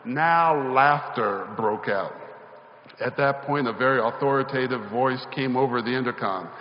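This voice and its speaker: A male pastor preaches in a church sanctuary, using a rhythmic call-and-response style that builds in emphasis. His voice is medium-pitched and unhurried, and the hall sounds echoey and slightly dull.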